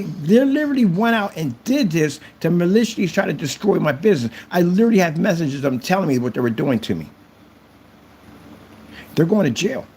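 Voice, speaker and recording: A man's voice: a little high, darkish tone, slight background noise. A man ranting to camera about his projector screen, boastful and taunting his critics. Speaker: channel creator reviewing projector screens.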